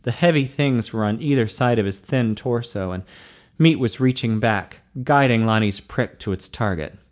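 A man's voice: medium pitch, normal speed. Man reading a story steadily. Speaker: audiobook narrator. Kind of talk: scripted narration.

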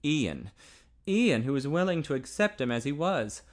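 A man narrating a novel aloud in an expressive way. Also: moderate pace. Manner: expressive, pitch swinging widely. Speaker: audiobook narrator.

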